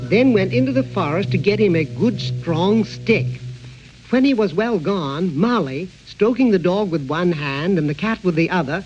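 High-voiced, slow male storyteller. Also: expressive. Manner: rhythmic, measured storytelling. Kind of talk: fairy-tale narration. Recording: dull, muffled recording with music.

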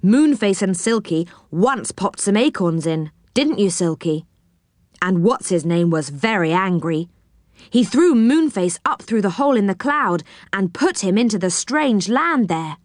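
A woman's voice: mid-range voice, expressive, unhurried, no room sound, clean studio sound, lightly acted. A woman reading a storybook aloud, voicing a cheerful, knowing young boy who explains things eagerly.

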